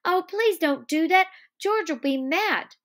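A woman's voice: a little high, very animated, slow pace, fairly bright tone, heavily acted. A woman reading as a childlike farmhand man. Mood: pleading. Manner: pleading, childlike. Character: simple-minded big farmhand man, childlike and earnest.

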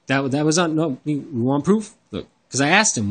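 A man with a fairly high, husky voice speaks animatedly at normal speed. As a religious commentator, he delivers a rambling, profane, exasperated rant reacting to another creator's videos shared on screen. He repeats himself as he gets more worked up.

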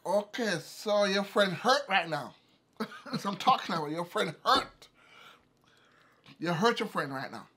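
Male vlogger, insistent and suspicious, lively intonation, faint noisy home recording. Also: high voice, measured pace, pauses often. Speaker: vlogger, husband. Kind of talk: casual argument during a mukbang.

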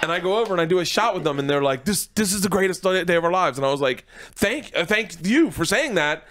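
This comedian in his forties, interviewed casually in a radio studio, tells stories in an excitable, rambling way with many restarts. He speaks quickly in a high voice, and there's a little hiss or hum.

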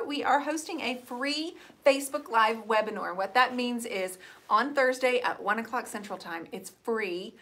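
Speaking at a moderate pace in a fairly high, fairly bright voice, a middle-aged woman runs a live painting show. She's chatty and rambling, reading viewers' comments aloud and answering them casually.

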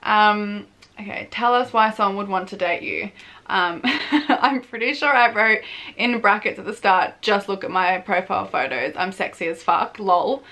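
A young woman in her twenties talks straight to camera in a loose, chatty vlog. Her voice is bright and forward, and she swears easily, laughs a lot and pokes fun at herself. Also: medium pitch, moderate pace. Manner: chatty, swears freely, laughs often, self-mocking. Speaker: vlogger, former reality show contestant. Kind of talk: casual advice vlog.

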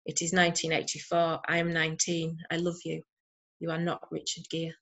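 A woman poet from Yorkshire, England, gives a poetry reading via video call, reciting steadily and evenly in a slightly low voice with little pitch movement. When she chats between pieces, she's hesitant and uses lots of fillers.

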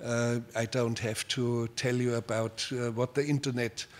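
An older man from Germany with a German accent, answering audience questions at a public talk in a measured way, full of pauses and repeated words. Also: mid-range voice, flat delivery.

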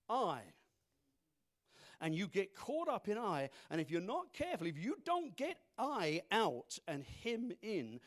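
A man preaching a sermon, acting out scripture figures with humor and animated emphasis. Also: fairly high pitch. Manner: animated, acts out Bible characters, laughs at own jokes. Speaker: pastor.

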